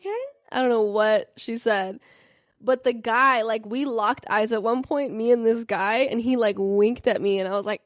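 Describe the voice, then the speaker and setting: A young adult woman hosting a casual podcast, telling gossip and stories animatedly and acting out quotes with big jumps in pitch. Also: fairly even intonation, moderate pace, dry recording, studio quality. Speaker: podcast host. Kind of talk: casual chat about reality TV and celebrity gossip.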